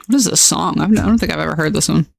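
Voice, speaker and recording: A woman's voice: sits low, racing, vocal fry, no echo. A woman chatting casually on her livestream at home, laughing often and talking in a bubbly way. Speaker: streamer.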